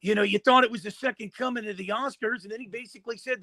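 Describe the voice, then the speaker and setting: A male co-host tells a story on a sports talk show and uses colorful comparisons. His voice is high and sharp, and it sounds dry and close to the mic. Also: fairly even intonation, fast talker, few pauses, dry recording.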